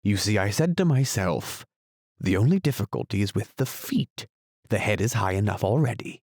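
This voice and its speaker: A man reading an audiobook, voicing a solemn, muddled male knight who talks gravely and slowly about his inventions. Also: lowish voice, animated, darkish tone, no room sound, studio quality. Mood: grave, musing. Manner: grave, slow, musing. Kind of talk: audiobook character voice.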